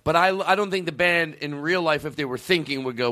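A man's voice: fairly high pitch, fast, hardly any pauses, sharp tone, dry recording. A man hosting a comedy podcast, talking in an emphatic, rambling, profane way. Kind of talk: casual comedic podcast chat.

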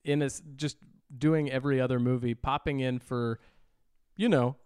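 Smooth-voiced man recapping on a podcast. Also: mid-range voice, steady tone, darkish tone, no room sound, clean studio sound. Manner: recapping an episode, quick bursts, frequent uh. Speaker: podcast co-host. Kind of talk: casual chat.

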